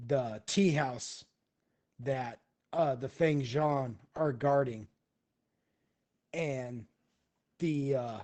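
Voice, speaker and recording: Slow-talking man running a tabletop game. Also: mid-range voice. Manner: relaxed, many fillers and restarts, laughs often. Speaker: game master.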